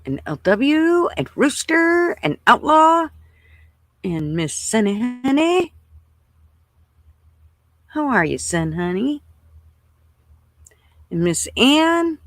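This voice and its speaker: A woman's voice: high voice, sing-song, slow pace, long pauses, no room sound. Older woman, livestream host, casual rambling chat, cusses, dry close mic. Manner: chatty, swears freely, greets viewers by name.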